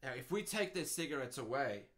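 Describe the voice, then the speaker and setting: A man's voice: mid-range voice, very animated, a bit bright, pitched below the performer's own voice. A man putting on a smug Australian government planner. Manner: slow, patronizing, self-satisfied.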